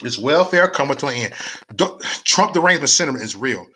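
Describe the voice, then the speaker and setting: Stammering, fiery ranting man, bright voice. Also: mid-range voice, expressive, fairly quick, husky. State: dry mouth, losing his voice. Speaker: political vlogger. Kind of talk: live-streamed political rant.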